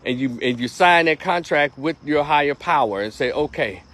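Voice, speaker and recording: A man's voice: on the high side, normal speed, a bit bright. A man hosting a livestream opinion rant outdoors, talking in a blunt, profane, preachy way and greeting viewers by name. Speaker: host. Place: outdoors, moving around.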